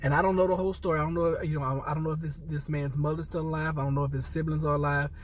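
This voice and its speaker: A man's voice: on the high side, little pitch movement, very fast, distant mic, a little hiss or hum. An upset man, a military veteran, speaking earnestly to viewers, repeating himself and restarting phrases as he holds back tears. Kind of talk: impassioned personal commentary to camera.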